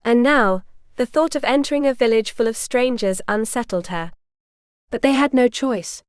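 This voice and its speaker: A woman narrating a historical romance audiobook in a measured storytelling manner. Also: fairly high pitch, clear, resonant tone, no echo, studio quality. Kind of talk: scripted narration.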